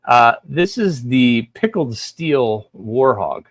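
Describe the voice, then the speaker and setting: A man co-hosting a live chat, laid-back and halting, often searching for his words. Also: mid-range voice, sing-song, no echo. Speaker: co-host and knife sharpener.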